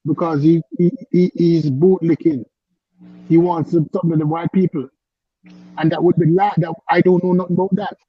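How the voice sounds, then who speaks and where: A man's voice: a little high, fairly even intonation, moderate pace, breathy edge, no echo, highs cut off. A man with a French accent, a caller on a live online panel, arguing insistently and repeating himself to make his point. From French-speaking.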